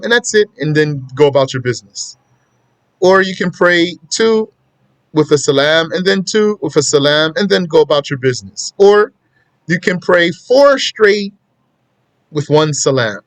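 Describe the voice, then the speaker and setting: A man with a slightly raised pitch walks through a religious lesson in a casual, conversational way. He repeats his points for emphasis. The sound is dry and close, with no room around it. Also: expressive, a little slow, dry recording. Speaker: Islamic teacher.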